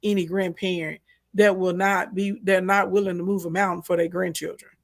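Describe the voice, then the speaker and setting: A woman with a Southern US accent co-hosting a casual chat, animated and emphatic as she talks listeners through her views. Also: lowish voice, a little fast, vocal fry, no echo, studio quality. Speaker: co-host.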